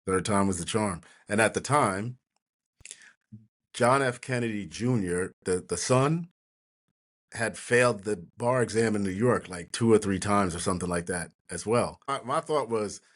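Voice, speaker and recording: A man in his sixties from New Jersey, a trial lawyer telling lively anecdotes as an interview guest, often laughing and acting out others. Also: on the low side, unhurried. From New Jersey, USA. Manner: animated anecdotes, acting out quoted voices, laughing. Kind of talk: casual storytelling interview.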